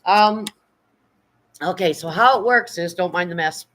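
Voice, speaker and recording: A middle-aged woman talks casually to her viewers on a live stream at home, her voice sitting a little low. She rambles warmly through what she has stocked, thanking people and getting choked up at their kindness. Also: a little fast, low-quality recording. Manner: chatty and emotional, thanking viewers, near tears. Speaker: livestreamer.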